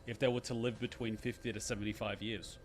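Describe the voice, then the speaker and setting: A man giving casual reaction commentary on a game, excitable, joking and profane. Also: on the low side, quick pace, slight background noise.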